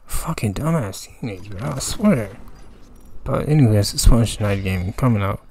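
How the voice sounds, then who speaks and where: A man's voice: lowish voice, lively intonation, normal speed, a little mellow, a little hiss or hum. A young man giving profane, exasperated commentary over his gameplay, ranting about his teammates. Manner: exasperated, ranting, heavy swearing. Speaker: gaming channel commentator.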